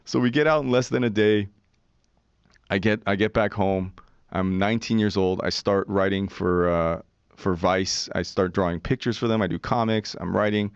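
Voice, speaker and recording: A man in his forties with a fairly low voice tells a story as a podcast guest, animated and profane, slipping into the voices of the people he quotes. His studio mic sounds dry and dull, with a lo-fi edge. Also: moderate pace, smooth, dry recording. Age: 40s. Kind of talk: casual storytelling.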